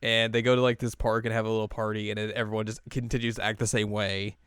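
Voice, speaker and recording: A man's voice: fairly low pitch, little pitch movement, fast talker, fairly bright tone, clean tone, dry recording, studio quality. A young man co-hosting a casual anime recap, who keeps laughing and briefly voices the characters as he retells scenes. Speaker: co-host recapping an anime episode. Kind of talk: casual chat.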